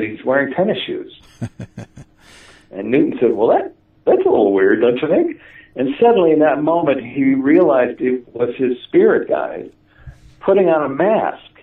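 A man telling stories in a casual conversation, animated and laughing, with many fillers and restarts. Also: medium pitch, gravelly. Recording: distant, tinny phone-like audio.

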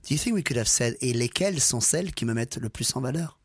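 A man co-hosting a language lesson podcast, eager and affirming in a quick bilingual chat. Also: medium pitch, lively intonation, slightly rough.

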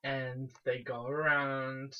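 A woman's voice: very deep voice, level tone, slow. A woman co-hosting a casual podcast, adding dry quips and explaining a folk custom, on a dull lo-fi recording. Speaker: podcast co-host. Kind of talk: casual chat.

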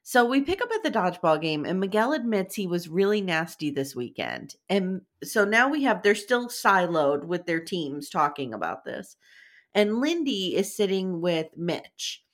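A woman's voice: on the low side, very animated, moderate pace. A woman hosting a casual podcast chat, sarcastic and blunt, swearing freely as she recaps a show.

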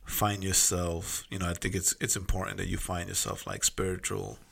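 Bright-voiced man in casual podcast chat. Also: low voice, flat delivery, moderate pace, vocal fry, husky. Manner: loose, laughing, repeats words as he thinks. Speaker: podcast co-host.

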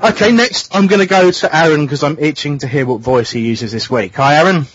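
Man hosting a radio chat show, husky slightly high voice, dry lo-fi sound; playful, teasing delivery. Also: brisk, no room sound. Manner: teasing, jokey. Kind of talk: casual radio banter.

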